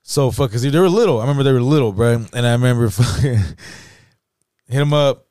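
A man's voice: mid-range voice, a little fast, mellow, clean tone, no room sound. A young man, telling a profane, laughing story in casual chat and acting out the quotes. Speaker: podcast host.

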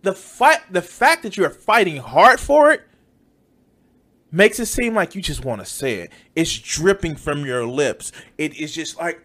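A man's voice: on the high side, very animated, measured pace, fairly bright tone. A man giving heated, profane reaction commentary, mocking and swearing often.

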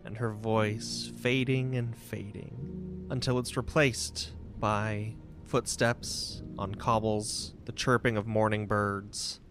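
A man's voice: lowish voice, flat delivery, takes it slowly. A man as game master, narrating the scene in the second person. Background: music.

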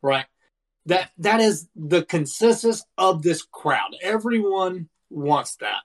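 Male co-host in his thirties, lightly raised voice, animated and profane storyteller in casual chat. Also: sits high, takes it slowly. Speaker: podcast co-host. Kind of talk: casual wrestling review chat.

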